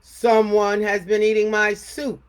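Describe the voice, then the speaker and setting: Woman voicing a growling papa bear, gruff, storybook. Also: mid-range voice, level tone, a little slow, close to an everyday voice. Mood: grumbling.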